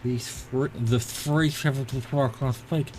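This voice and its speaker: A man's voice: medium pitch, steady tone, measured pace, a little mellow, faint music behind. A man streaming a flight game, rambling playfully to himself and chatting to the scenery below. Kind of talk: casual live-stream commentary.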